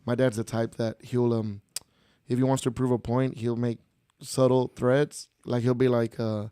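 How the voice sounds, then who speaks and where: Smooth-voiced man telling stories. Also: mid-range voice, normal speed, no echo, studio quality. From Texas. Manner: animated, laughing storyteller mixing in Spanish phrases. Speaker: podcast guest, mariachi musician. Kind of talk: casual storytelling chat.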